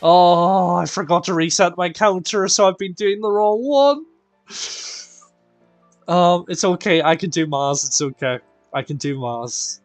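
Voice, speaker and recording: A man's voice: high-pitched, unhurried, dry recording. A man hosting a live stream, chatting playfully with his viewers. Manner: animated and playful, addressing chat as "people". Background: faint game music.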